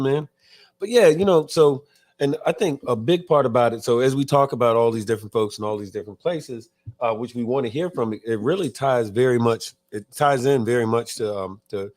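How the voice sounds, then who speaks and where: A man hosting a live talk show in casual chat, reading viewer comments aloud and often stumbling and restarting his words. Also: mid-range voice. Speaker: podcast host.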